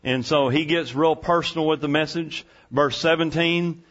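A man's voice: on the high side, normal speed, hardly any pauses, highs cut off. A male pastor preaching a sermon in a church, folksy and conversational, asking the congregation rhetorical questions. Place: church sanctuary.

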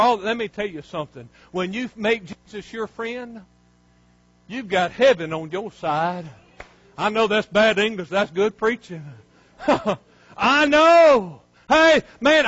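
A man preaching a sermon with fervor, swinging from near shouts down to low, quiet lines. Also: expressive, unhurried, no room sound, lo-fi sound. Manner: fervent, rising to near shouts and dropping low. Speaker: pastor.

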